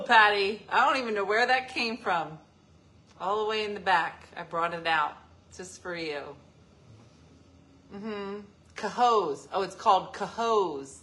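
A woman's voice: mid-range voice, pushed and bright. A woman hosting a casual live stream, joking and teasing as she answers viewer comments. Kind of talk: casual chat.

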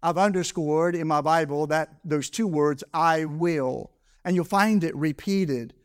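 A man preaching a sermon at a church service, repeating his key words for emphasis and reading scripture slowly. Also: a little high, smooth. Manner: reads scripture slowly in old English. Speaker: pastor.

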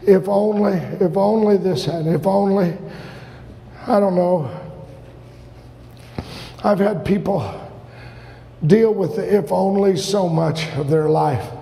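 A man preaching a sermon with fervor, his high voice rough with gravel and often rising to a shout. The sound rings with the long reverb of a large hall, as in a church sanctuary. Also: slow pace, pauses often, slight background noise.

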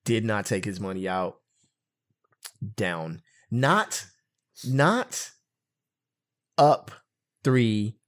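A man co-hosting a casual chat, telling stories with mock outrage and frequent laughter. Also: fairly low pitch. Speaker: podcast co-host.

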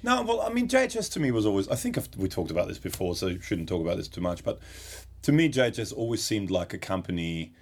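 A man chatting casually as a co-host. His voice is low and a little husky, and it swings up and down a lot as he rambles along, cracking jokes. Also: sing-song, fast, a little mellow. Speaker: podcast co-host. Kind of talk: casual chat about guitar pedals.

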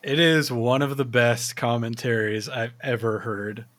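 A man's voice: medium pitch, steady tone, fairly bright tone. A man hosting a podcast, chatting casually and telling a story with lots of swearing and laughter. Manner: laughing, profane storytelling with quick impressions. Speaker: podcast host.

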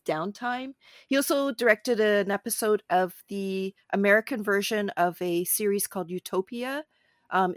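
A woman's voice: mid-range voice, no echo. Chatty woman, dry close sound. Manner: animated, laughs often, chatty. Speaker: podcast co-host. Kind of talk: casual film discussion.

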